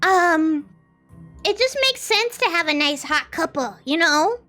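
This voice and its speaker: A woman's voice: very high voice, animated, unhurried, pushed and bright. A young woman streaming a game in casual chat, chaotic and playful, trailing off and restarting with silly bits. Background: faint music.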